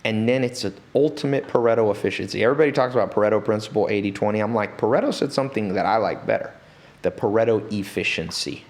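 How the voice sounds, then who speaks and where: A man talking as an interview guest in a studio, telling stories in an animated way and acting out the people he quotes. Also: fairly low pitch, fast. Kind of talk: storytelling interview talk.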